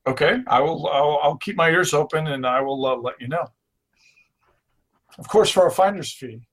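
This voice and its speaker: Male tabletop player, slightly husky voice, hesitant and stammering in character. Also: on the high side, normal speed, fairly bright tone.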